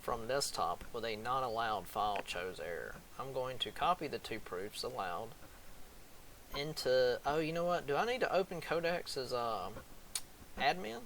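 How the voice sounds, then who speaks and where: Lively joking man chatting. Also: mid-range voice, moderate pace, a little hiss or hum. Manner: joking, profane, laughing often. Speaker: vlogger. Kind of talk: casual screen-recording chat.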